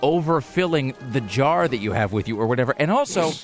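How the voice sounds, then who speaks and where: A man's voice: medium pitch, lively intonation, brisk. Man, radio host, wry, rambling, fillers, faint music underneath. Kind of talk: casual radio banter.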